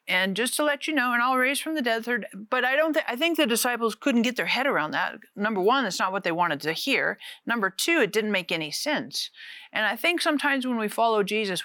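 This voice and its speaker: A woman preaching a casual, conversational sermon, animated and often repeating words. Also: on the high side, no room sound.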